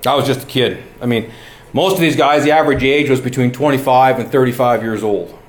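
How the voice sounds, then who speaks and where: A man's voice: medium pitch, fairly quick. A middle-aged man preaching a sermon, earnest and building to emphatic exhortation. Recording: echoey room.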